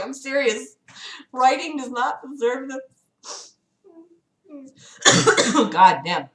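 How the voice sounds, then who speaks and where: A woman reads a book aloud on her livestream, then cuts in with exasperated, sarcastic asides and plenty of swearing. Her voice is bright and forceful, and the room around her rings with echo. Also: sits high, very animated, very slow, pauses often. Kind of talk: dramatic reading with mocking commentary. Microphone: streaming mic.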